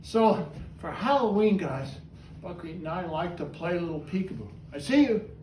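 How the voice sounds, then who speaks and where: High, lively showman with roomy sound. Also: normal speed, a little hiss or hum. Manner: chatty, animated, coaxing the bird. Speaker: host of a trained parrot show. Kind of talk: showman's patter with a pet bird. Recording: echoey room, voice from far off, faint ambience.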